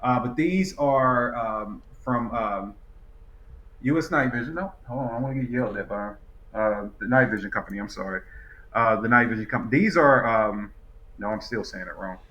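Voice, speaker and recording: Rambling, relaxed man with a bright voice. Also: mid-range voice, normal speed, muffled recording. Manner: rambling, relaxed, many fillers. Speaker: podcast guest. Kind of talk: casual chat.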